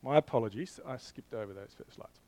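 A man's voice: medium pitch, a little fast, mellow, no echo. Conversational man preaching a sermon. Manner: conversational, restarts often, direct appeals to listeners. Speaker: pastor.

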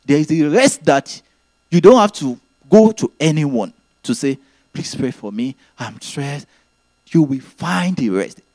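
A man's voice: a little high, warm tone, dry recording. A man preaching a sermon, teaching earnestly and repeating his key phrases.

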